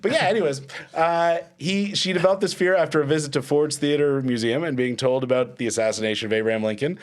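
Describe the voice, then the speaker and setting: A man with a Canadian accent hosting a comedy podcast quiz, wry and quick to laugh at his own riffs. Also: on the high side. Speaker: podcast host running a quiz game. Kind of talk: comedic panel chat.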